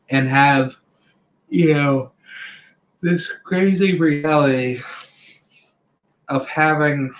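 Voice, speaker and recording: A man in his thirties talks slowly through a casual opinion monologue. He is blunt, rambles, and leans hard on "you know" and "like" between his points. His voice sits at an ordinary male pitch. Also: a bit bright, rough recording. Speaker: channel host.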